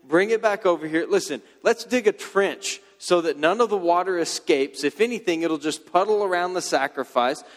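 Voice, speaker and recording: A man's voice: sits high, normal speed, few pauses, big-room sound, voice pushed up, close to an everyday voice. A man voicing a swaggering male prophet who mocks his rivals in a teasing, sarcastic way. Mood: mocking.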